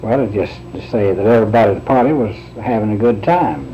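A man, answering interview questions in a slow, plainspoken and thoughtful way. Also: lowish voice, dark tone, a little hiss or hum, rough recording.

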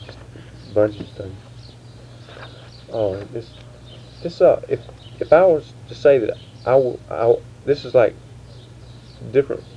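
Man asking dialect questions, halting, on a muffled old tape. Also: mid-range voice, expressive. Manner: halting, restarts, slow quoted prompts. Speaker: interviewer. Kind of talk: dialect interview, grammar questions. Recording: dull lo-fi tape with faint hiss.

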